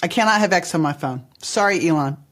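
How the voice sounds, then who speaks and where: A woman's voice: lowish voice, animated, brisk. A woman hosting a podcast, chatty and laughing as she tells self-mocking anecdotes. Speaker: podcast host. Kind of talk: casual podcast conversation.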